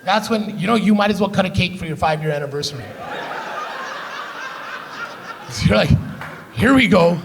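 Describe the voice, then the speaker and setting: A Canadian man doing stand-up on a theater stage, brash and profane, with lots of crowd teasing. His voice sits high for a man and has a gravelly edge. He is heard through a handheld stage mic. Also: animated, measured pace, long pauses, background noise. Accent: Canadian English. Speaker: stand-up comedian. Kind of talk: live stand-up comedy. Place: live theater stage with audience.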